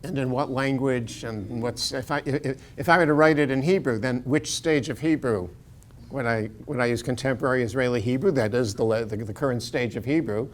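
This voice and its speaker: Chatty American professor digressing. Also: male voice, medium pitch, a little fast. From United States. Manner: digressive, chuckling, many restarts. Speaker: university professor. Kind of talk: casual lecture.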